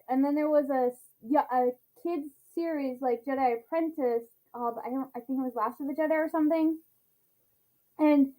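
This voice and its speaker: A young woman reacting to a trailer at home, gushing and bubbly, chatting excitedly to her viewers. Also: sits high, rough recording. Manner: gushing, bubbly, talks to viewers as "you guys". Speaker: reaction vlogger. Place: home, seated at a chair.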